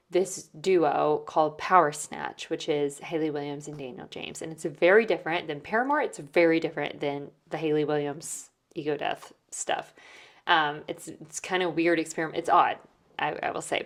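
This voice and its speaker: Female host, low voice, casual storytelling recap, filler-heavy. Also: normal speed. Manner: chatty, many "like" and "um" fillers. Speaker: podcast host.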